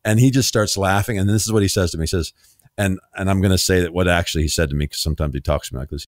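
Low-voiced man, animated storyteller. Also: racing, no room sound, clean studio sound. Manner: animated storyteller, acts out quoted dialogue, laughs easily. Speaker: podcast host. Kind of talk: conversational interview storytelling.

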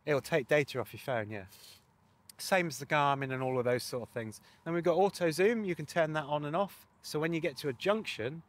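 Guy walking through sat nav settings, fairly high voice, jokey and chatty. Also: fairly quick. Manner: chatty, jokey, wry asides. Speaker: presenter reviewing a motorcycle sat nav. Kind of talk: casual product walkthrough.

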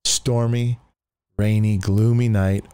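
An older man, a pastor, telling his testimony in an animated way, acting out the voices he quotes, with rambling restarts. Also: on the low side, takes it slowly, clean tone, no echo. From Oregon, US. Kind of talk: animated storytelling.

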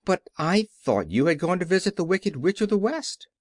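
A startled, fussy gatekeeper from a storybook reading, his voice pitched up and exclaiming loud in a dry, close sound, as a male narrator puts him on. He bursts out his questions with a lively, bouncing lilt. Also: moderate pace, no echo. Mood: surprised.

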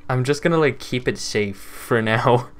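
A man's voice: medium pitch, unhurried. A man hosting casual gameplay commentary, laughing, swearing and joking in a mock-polite way with lots of "sorry, eh, bud.". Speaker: gaming channel host.

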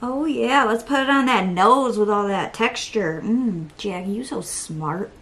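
A woman's voice: fairly high pitch, a little slow, a bit bright, low-quality recording. A young woman chatting through a makeup tutorial, self-deprecating and talking to herself, now and then dropping to a whisper. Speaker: beauty vlogger. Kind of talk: casual makeup tutorial chat.

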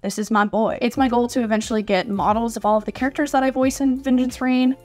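Young female vlogger, higher register, playful and gushing, casual haul chat. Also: fairly even intonation, fast talker, a little mellow. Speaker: model horse collector vlogger. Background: faint background music.

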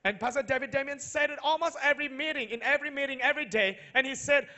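High bright-voiced Malaysian man preaching. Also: quick pace, few pauses, muffled recording. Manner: repeats each point in two languages, rising to loud emphatic peaks. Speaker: pastor. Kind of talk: bilingual sermon.

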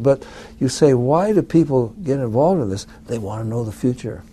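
A man's voice: mid-range voice, lively intonation, normal speed, mellow, breathy edge. A man, an author, speaking conversationally to an audience with chatty asides.

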